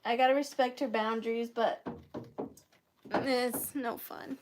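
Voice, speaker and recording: A woman's voice: a little high, steady tone, a little slow, darkish tone, a little hiss or hum. A woman in her thirties hosting a live vintage sale, chatty and self-deprecating, easily moved to tears. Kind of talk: chatty live-stream selling.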